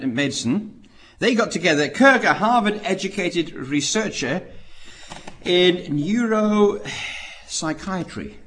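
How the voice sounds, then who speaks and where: A man delivers a preaching talk in a fairly high voice that rises and falls widely. He tells stories dramatically and fires off rhetorical questions. He moves between loud, emphatic points and quiet asides.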